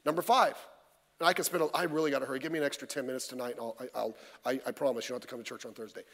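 Rapid-fire and steady in tone, a male pastor's mid-range, slightly bright voice carries a midweek sermon. He's folksy and conversational, asking plenty of rhetorical questions in an echoing church hall.

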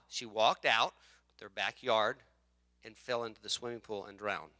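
Male pastor, middle-aged, bright sharp tone, dry close sound, animated conversational sermon. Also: medium pitch, dry recording. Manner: animated, conversational preaching with rhetorical questions.

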